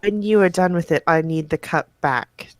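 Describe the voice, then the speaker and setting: Female player, low voice, soft and hesitant, casual. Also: normal speed, crowd noise. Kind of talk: tabletop role-play, casual.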